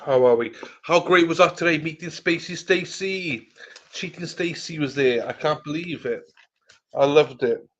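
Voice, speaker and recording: A man hosts a casual livestream chat, greeting viewers by name and swearing freely as he rambles. His voice is on the high side and moderately paced, and the lo-fi audio is slightly muffled.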